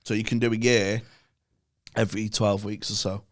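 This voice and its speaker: A man's voice: on the low side, flat delivery, moderate pace. A man, a podcast guest telling stories with enthusiasm, laughing often and swearing in casual chat.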